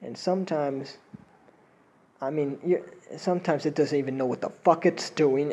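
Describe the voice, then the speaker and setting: A man's voice: a little high, moderate pace, mellow, husky, rough recording. A young man hosting a solo podcast with a slight Latin American accent, rambling, laughing and swearing while he paces around a room. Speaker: podcast host. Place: indoors, pacing around a room.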